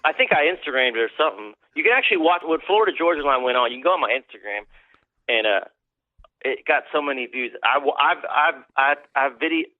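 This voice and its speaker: A man's voice: medium pitch, lively intonation, fast, dry recording. A man, a country musician guest, telling rambling, profane stories in a casual interview. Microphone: phone call. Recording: tinny phone line, dry.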